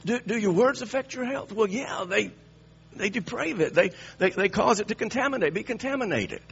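A man's voice: high-pitched, animated, normal speed, gravelly, husky, lo-fi sound. A man preaching a sermon, emphatic and repetitive, restarting phrases as he drives each point home.

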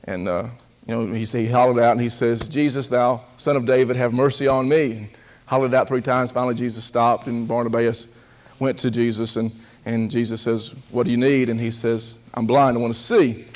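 A man preaching a sermon in a folksy, humorous way, slowing down on key words and acting out quotes in a raised voice, often laughing. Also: mid-range voice, steady tone, darkish tone. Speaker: pastor.

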